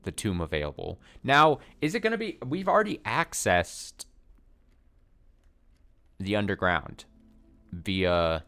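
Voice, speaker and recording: A man's voice: on the low side, huge pitch swings, slow pace, long pauses, pushed and bright. A man giving casual gameplay commentary, thinking aloud, swearing casually and poking fun at himself. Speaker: let's play streamer.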